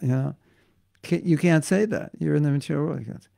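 A man's voice: on the high side, brisk, gravelly, warm tone. A middle-aged man, a spiritual teacher, giving a devotional class in a casual, joking, conversational way.

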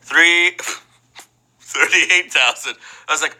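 A man hosts a live trivia game in a playful, joking way. His voice is very bright and sharp, with pitch leaping around as he exclaims, and slightly higher than most men. Faint music plays underneath. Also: big pitch swings, moderate pace, rough recording. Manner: playful, exclaims and jokes between questions. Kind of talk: energetic live game-show hosting.

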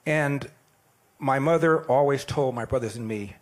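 A man in his sixties giving an animated, plain-spoken storytelling speech. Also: mid-range voice, unhurried. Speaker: speaker at an event.

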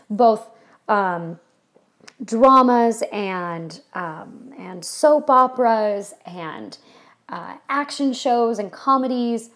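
A woman from California giving a casual history lecture to a class, chatty and full of ums and you-knows. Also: mid-range voice. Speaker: history teacher.

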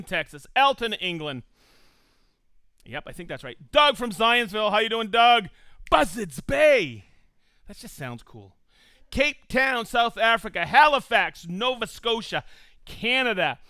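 Hosting a casual live stream, a man speaks a little slowly in a high, sing-song voice that is bright and forceful, with no echo. He cheerfully reads out viewers' hometowns and jokes with his crew in an upbeat way.

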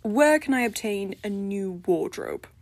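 A woman's voice: mid-range voice, animated, a little slow, dry recording. A woman voicing the prim, haughty spirit of an old-fashioned lady from a bog body, speaking with formal, peevish diction in a storybook reading. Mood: derisive.

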